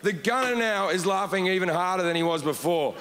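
A high-voiced man tells a stand-up story in a deadpan way, breaking into shouts. His voice rings with long reverb in a large hall, and the crowd is loud behind him. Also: brisk, a little hiss or hum. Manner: deadpan with sudden shouted outbursts. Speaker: stand-up comedian. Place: large comedy hall with audience.

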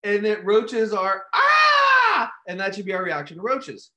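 A man hosting a casual live stream, telling a story with animated outbursts and acted-out shouts. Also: high voice, normal speed, noisy background. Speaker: host.

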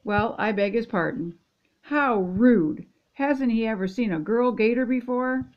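Grandma doing a bossy little girl gator, loud and chirpy, storybook voice, dull lo-fi sound. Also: a little high, unhurried, close to an everyday voice. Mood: bouncy. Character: bouncy bossy girl alligator.

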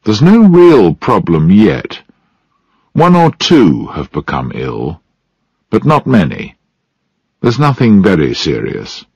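A man reading a storybook, voicing a calm, driven male scientist in a measured, reassuring way. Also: deep voice, husky, no echo, lo-fi sound, heavily acted. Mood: explaining.

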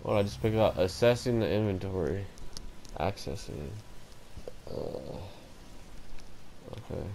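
Young male let's-play host, lowish voice, nervous jokey running commentary. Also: unhurried, creaky, slight background noise. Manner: excitable, talks to himself, jumpy and joking. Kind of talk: casual gameplay commentary.

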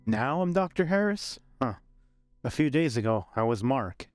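A man's voice: mid-range voice, sing-song, moderate pace, no echo, soft background music, natural voice. Man voicing a cocky, flirtatious male doctor. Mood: teasing.

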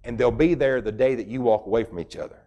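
A man's voice: mid-range voice, fast talker, mellow, dull audio. A middle-aged man preaching a sermon as pastor, folksy and emphatic, with rural turns of phrase.

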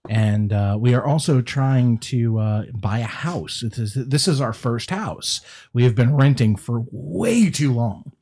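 A man's voice: medium pitch, animated, unhurried, darkish tone. A man co-hosting a casual live craft stream, reading viewer comments and joking with a laugh.

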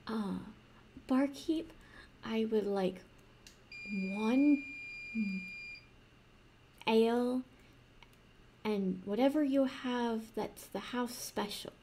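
A woman's voice: on the high side, extremely slow, pauses often, dark tone, a little hiss or hum. A woman voicing a naive, wide-eyed young princess who sounds timid and delighted. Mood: shy, delighted.

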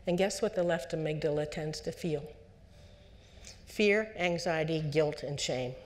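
Lively woman psychologist lecturing parents. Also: low voice, unhurried. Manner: lively, acts out what parents and children say; asks the audience direct questions. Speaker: psychologist speaking at a parenting conference.

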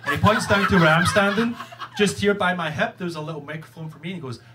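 A man with a Scottish accent doing a stand-up set on a comedy club stage, telling stories in a profane, animated way into a stage microphone. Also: high-pitched, fast. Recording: live comedy club, loud noise.

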